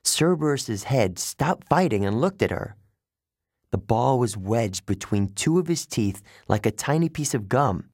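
A man giving steady, measured first-person audiobook narration. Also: mid-range voice, dry recording, studio quality.

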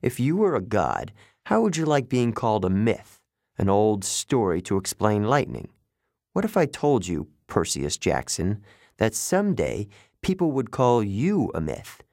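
Male narrator as a grave old centaur mentor, measured, low, dry close audiobook. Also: big pitch swings, a little mellow, no room sound. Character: calm wise old male centaur teacher. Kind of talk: audiobook character voice.

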